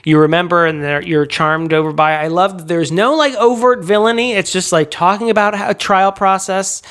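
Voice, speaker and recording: A woman's voice: fairly low pitch, steady tone, moderate pace. A woman co-hosting a podcast, chatting casually and self-deprecatingly about a movie, with many fillers. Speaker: podcast co-host. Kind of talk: casual movie review chat.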